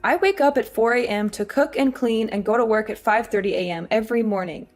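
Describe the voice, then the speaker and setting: An actress playing an exhausted young working wife, weary and pleading. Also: female voice, on the high side, a little fast, faint music behind, lightly acted. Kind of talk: audio drama acting.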